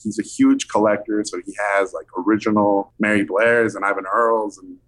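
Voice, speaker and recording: Animated man telling a story. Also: fairly low pitch, moderate pace. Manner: animated, acts out quoted voices. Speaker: film director guest. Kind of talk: anecdotal storytelling.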